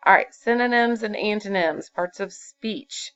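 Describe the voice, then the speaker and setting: A woman with a medium-pitched, smooth, fairly bright voice teaches fifth-grade grammar a little slowly, patiently going step by step with fillers. The recorded classroom lesson has dull lo-fi computer sound.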